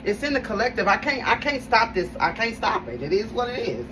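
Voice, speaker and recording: Her fairly high voice is sing-song and a little fast as she does a casual tarot reading for viewers. She's chatty and emphatic, repeating phrases and speaking straight to her audience. The sound is a bit distant, with faint background noise.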